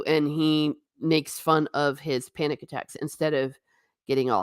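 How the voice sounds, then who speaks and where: A woman's voice: low-pitched, normal speed, clear, resonant tone, no room sound, clean studio sound. A woman talking casually in a live stream review, eagerly acting out lines from scenes as she goes. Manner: animated, acts out quotes from scenes. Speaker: TV show reviewer.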